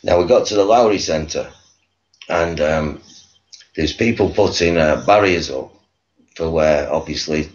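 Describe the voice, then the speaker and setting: A man's voice: a bass voice, measured pace, pauses often. A man telling a long rambling anecdote as an interview guest, chuckling and full of fillers. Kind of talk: anecdotal storytelling. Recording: dull lo-fi recording.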